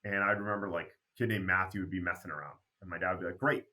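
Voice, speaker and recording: A Canadian man who founded a basketball program tells stories in a casual interview, speaking very fast in a deep voice. He's an animated storyteller who acts out dialogue he remembers.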